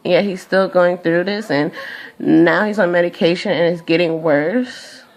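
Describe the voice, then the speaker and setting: A woman's voice: on the low side, a little slow. A tired young woman venting in a profane, exasperated rant to camera. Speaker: vlogger.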